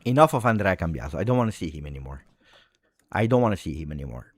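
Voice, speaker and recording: Male fan host, excitable live commentary, very lively intonation, dry close mic. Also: low-pitched, quick pace, slightly rough, no room sound. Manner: excitable, swings from muttering to shouting. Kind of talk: live watch-along reaction commentary.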